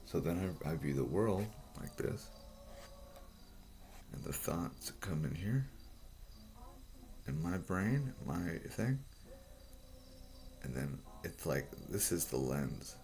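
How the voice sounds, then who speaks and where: A man explaining a drawing in a rambling, halting way, swearing often and restarting his sentences. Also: sits low, animated, darkish tone. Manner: profane, halting, full of restarts.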